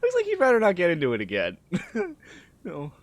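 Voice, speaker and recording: A man's voice: high voice, wildly swooping pitch, fairly quick. A man streaming a game, reading its text aloud and laughing constantly between exclamations. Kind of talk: casual let's-play commentary, reading game text aloud.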